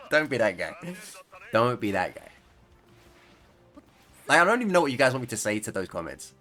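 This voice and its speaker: A man's voice: mid-range voice, very animated, normal speed, pushed and bright, soft background music. Rambling, jokey male gameplay commentator. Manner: rambling, jokey, laughs often. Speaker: gaming YouTuber.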